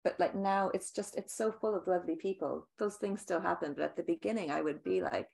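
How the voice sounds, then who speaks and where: A woman who runs a bar, talking in a casual conversation and telling stories in a lively, animated way. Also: fairly low pitch, a little fast, vocal fry. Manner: animated storyteller, acts out quotes. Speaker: bar owner.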